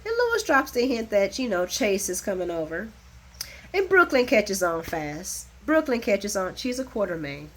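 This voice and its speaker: A woman giving a casual, animated recap of a soap opera, chatty and blunt, laughing often and swearing freely. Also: mid-range voice, moderate pace, slight background noise.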